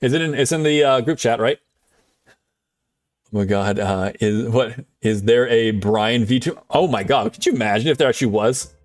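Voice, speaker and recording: A man streaming, chatting casually in a rambling way with lots of fillers and quick chuckles. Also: mid-range voice, dry recording. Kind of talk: casual chat.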